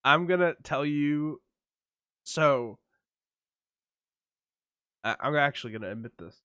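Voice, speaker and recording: Man, podcast co-host, lively swooping pitch, dry close sound, casual swearing storyteller. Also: slow, smooth, no echo. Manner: animated storytelling, acts out voices, swears a lot. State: numb mouth after dental work. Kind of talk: casual chat.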